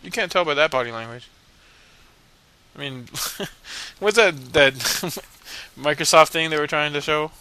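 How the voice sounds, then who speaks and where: A man narrates his own game playthrough in a loose, rambling way, full of fillers and irreverent asides. His voice is bright and has some edge to it. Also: a little high, unhurried, pauses often, a little hiss or hum. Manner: rambling, mumbling, lots of fillers; joking, irreverent. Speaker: video game commentator. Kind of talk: casual let's play commentary.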